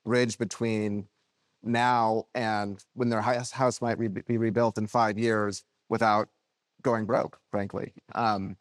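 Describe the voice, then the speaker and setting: A man moderating a panel, halting and apologetic as he rephrases a question. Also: lowish voice, little pitch movement, dry recording, clean studio sound. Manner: halting and apologetic, with many restarts. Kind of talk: panel discussion.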